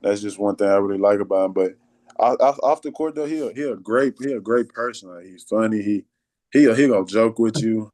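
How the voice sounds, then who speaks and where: Low, mellow-voiced young man. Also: a little fast, no echo. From Texas. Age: late teens. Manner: plain-spoken, repeats himself. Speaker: high school basketball player. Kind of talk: interview answers.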